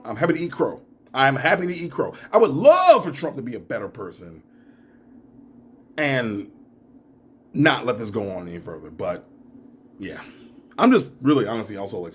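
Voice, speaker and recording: A young adult man giving reaction commentary in a video, ranting and laughing, his voice rising to near shouts and sinking to mumbles. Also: mid-range voice, a little hiss or hum. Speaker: YouTuber.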